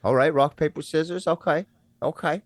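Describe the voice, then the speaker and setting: A man's voice: fairly high pitch, moderate pace, no room sound, pitched above the performer's own voice, close to an everyday voice. A man voicing a cocky young male football fan with a brash, crude, swaggering way of talking.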